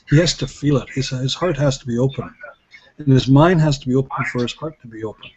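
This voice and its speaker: A man's voice: medium pitch, darkish tone. A middle-aged man talking earnestly about healing, telling stories with frequent restarts in a casual, reflective way. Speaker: healer and guest speaker. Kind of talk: casual storytelling talk. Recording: dull lo-fi recording with faint noise.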